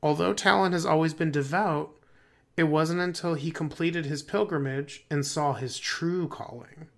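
A man's voice: fairly high pitch, steady tone, moderate pace, vocal fry, a bit bright. Young man with a fading voice. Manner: laughs often, reads aloud. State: losing his voice. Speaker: podcast co-host. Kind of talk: casual chat.

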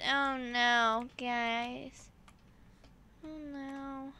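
A woman hosting casual gameplay commentary, excitable and full of exclamations as she talks to her viewers. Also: high-pitched, slow pace. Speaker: gaming channel host.

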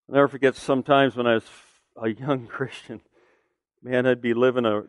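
A man's voice: medium pitch, dry recording, studio quality. A middle-aged man preaching a sermon as pastor, earnest and conversational, asking the listeners pointed rhetorical questions.

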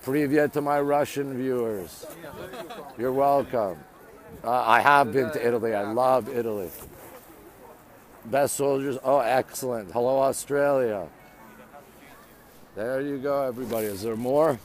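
Walking outdoors at a city landmark, a man live-streams from his phone, chattily greeting viewers, answering their comments, and repeatedly saying "there you go." His medium-pitched voice is unhurried, with long pauses.

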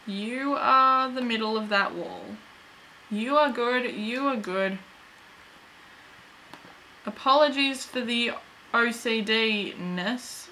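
A woman's voice: medium pitch, pushed and bright, slight background noise, poor audio. A woman hosting a let's play, giving goofy, chatty commentary as she talks to the game and her viewers. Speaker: gaming channel host.

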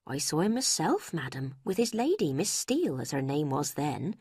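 A woman's voice: deep voice, sing-song, normal speed, darkish tone, breathy edge, dry recording, studio quality, heavily acted. Woman doing a deferential male servant. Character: male manservant, plain and deferential.

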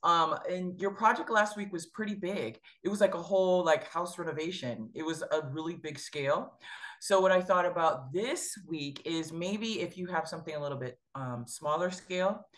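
A woman's voice: lowish voice, moderate pace. A woman co-hosting a casual design chat over a video call, bubbly, playful and laughing often. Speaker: co-host.

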